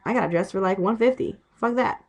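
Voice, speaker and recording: A woman's voice: medium pitch, fairly quick, darkish tone. A young woman who is sick with a cough, ranting casually and profanely about a friend. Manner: exasperated, profane ranting storytelling. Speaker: vlogger. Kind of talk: casual rant.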